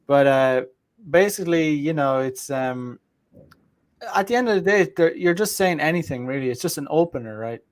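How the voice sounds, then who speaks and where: A man hosting a podcast in casual chat, giving his opinions in a halting way with frequent restarts. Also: a little high, lively intonation. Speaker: podcast host.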